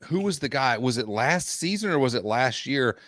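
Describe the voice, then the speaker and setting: A man co-hosting a podcast, telling stories in casual chat in an animated, teasing way. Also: mid-range voice, moderate pace, dry recording, clean studio sound. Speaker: podcast co-host, hockey league director.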